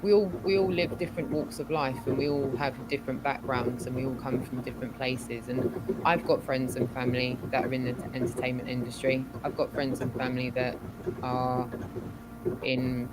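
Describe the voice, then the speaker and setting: A woman in a casual online chat with an unusually deep voice. She hedges and restarts in a halting delivery. Loud background noise sits under her voice. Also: level tone. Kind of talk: casual chat over a call.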